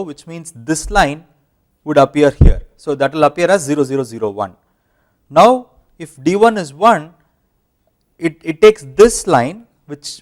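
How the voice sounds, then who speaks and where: A man with an Indian English accent giving a university lecture, explaining step by step with fillers and self-corrections. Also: a little high.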